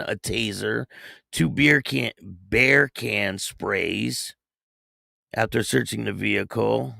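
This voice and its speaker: A man with a gravelly, mid-range, fairly bright voice hosts an online show in a clean studio recording with no room sound. On his casual livestream he greets viewers by name, reads chat names and donations aloud, and stumbles slightly while reading news stories.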